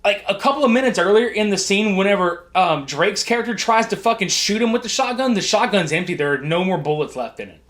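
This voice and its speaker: A man co-hosting a podcast, retelling film scenes in a casual, profane, animated way. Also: high voice, quick pace, few pauses. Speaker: podcast co-host. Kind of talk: casual movie review chat. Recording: early amateur mic setup.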